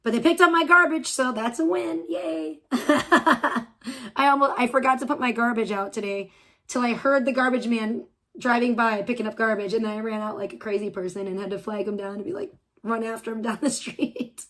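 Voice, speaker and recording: A woman on a home live stream, talking in a somewhat high voice. She rants over someone else's video with sarcastic, profane, mocking asides and chats with her viewers. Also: normal speed, fairly bright tone. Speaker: streamer reacting to another stream.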